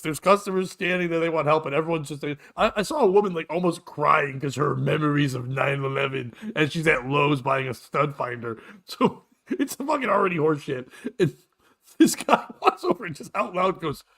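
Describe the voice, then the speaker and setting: A man hosting a morning talk show, telling a profane, animated story in a casual chat. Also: a little high, moderate pace. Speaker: show host and comedian.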